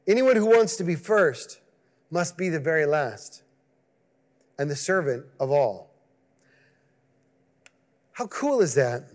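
A man's voice: a little high, long reverb tail. A man preaching a conversational sermon, acting out voices and asking the listeners questions. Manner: conversational, animated, acts out quoted voices. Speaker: pastor.

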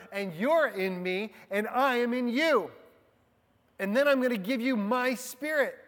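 A man preaching a sermon to a group of men in a conversational way, swinging between hushed low asides and loud, emphatic stresses. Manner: conversational, addresses the men in the room. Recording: long hall reverb.

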